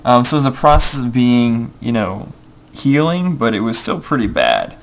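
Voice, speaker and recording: A young gameplay video creator tells a rambling, um-filled story while playing and muttering his next moves. His mid-range voice is sing-song and creaky at a normal speed, with a faint hiss or hum in the audio.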